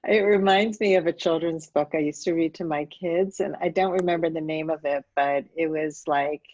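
A woman's voice: sits low, moderate pace, darkish tone, no room sound. A middle-aged woman host and coach, chatting and laughing easily in a casual interview. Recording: dull lo-fi audio.

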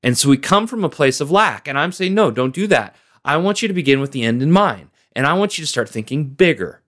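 Earnest man coaching with lively pitch. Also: fast. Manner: earnest, direct, coaching the listener with repeated emphasis. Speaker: podcast host and business coach. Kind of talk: motivational solo podcast talk.

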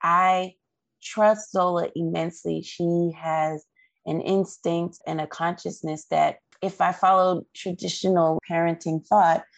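A woman with a low, gravelly voice tells an earnest, heartfelt story as an interview guest. Her voice is close and dry, with no room around it. She talks at length with real feeling. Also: little pitch movement, a little slow, no echo. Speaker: guest parent.

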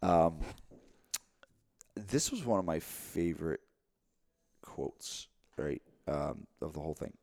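A man in his thirties in casual chat, telling a story with many halting restarts. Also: a bass voice, expressive, darkish tone.

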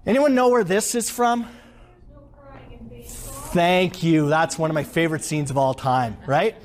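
A man giving an interactive leadership workshop to a live audience, animated and quizzing the room. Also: on the high side, a little slow. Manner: animated, asks the audience questions.

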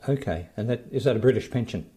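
A man's voice: medium pitch, quick pace. A man with an Australian accent hosting a show, chatting to listeners and interviewing a guest. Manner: chatty, relaxed, talks straight to listeners. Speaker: podcast host and interviewer. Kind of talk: casual introduction and interview.

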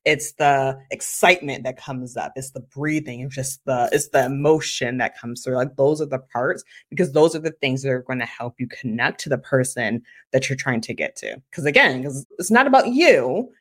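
A woman marketing consultant speaking as a podcast guest, animated and chatty, often dropping "like" into her sentences. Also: extremely low pitch, normal speed, few pauses. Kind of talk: conversational interview.

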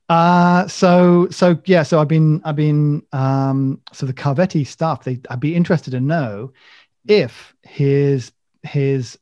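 A man's voice: medium pitch, darkish tone, dry recording, muffled recording. A man hosting a casual chat, rambling and jokey, telling stories with enthusiasm. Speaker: podcast host.

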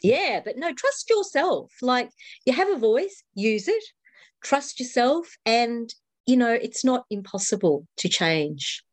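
A woman's voice: a little high, lively intonation, unhurried, no room sound. A woman in her fifties, an author talking earnestly as a guest, often laughing and repeating her words. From Australia. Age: 50s. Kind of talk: casual interview talk.

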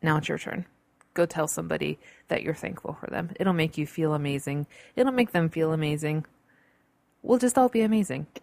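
A woman's voice: deep voice, a little fast, creaky, a little mellow, dry recording. A woman hosting her own podcast in a bubbly, chatty way, with playful asides, recorded at home on a computer. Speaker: podcast host. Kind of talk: casual solo podcast talk. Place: home in a large city. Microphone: computer-recorded podcast mic.

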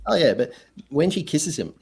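A man's voice: on the high side, normal speed, gravelly, slightly rough. A man who is a guest on a podcast, talking animatedly about movies and laughing often. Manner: animated, laughs often, argues his reading. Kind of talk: casual movie discussion.

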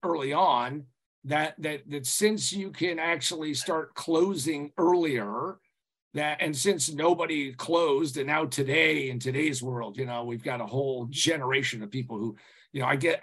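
Here a man with a fairly high, breathy-edged voice is the consultant being interviewed on a podcast. He swears casually and rambles with energy, restarting often and leaning on "you know."

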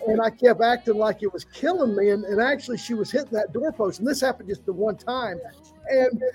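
A middle-aged man co-hosting a podcast, telling family stories in a halting, emotional way with many fillers. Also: sits high, husky, faint music behind, poor audio. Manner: warm storyteller, halting with fillers, tearful at times. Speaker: podcast co-host. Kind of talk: heartfelt podcast tribute.

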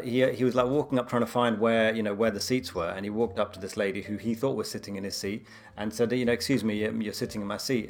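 A man telling personal stories in a casual conversation, animated and full of fillers like "you know". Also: on the low side. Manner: fast, animated storytelling with many fillers.

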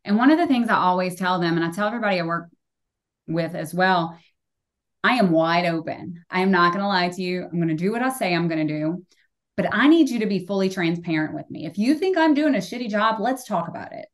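A woman's voice: fairly low pitch, animated, fairly quick. A woman in her forties hosting a podcast, talking frankly and emphatically and swearing casually. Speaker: podcast host. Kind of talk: casual conversation.

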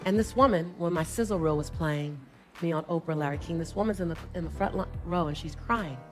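A woman's voice: lowish voice, a little fast, darkish tone, faint music behind. A middle-aged woman giving a live motivational speech on stage, talking emphatically in a rhythmic, repeating cadence and calling for replies from a large audience. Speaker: motivational speaker.

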